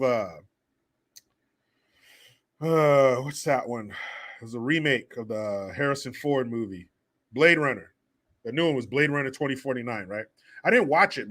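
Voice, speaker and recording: A man's voice: fairly high pitch, sharp tone. A man hosting a livestream, chatting casually and reading viewer donations with crude, profane jokes. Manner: crude, joking, profane banter. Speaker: livestream host.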